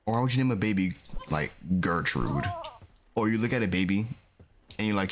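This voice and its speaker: Animated man playing a game. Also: lowish voice, brisk, slight background noise. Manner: animated, exclaiming reactions. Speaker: gaming video host. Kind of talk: casual let's-play commentary.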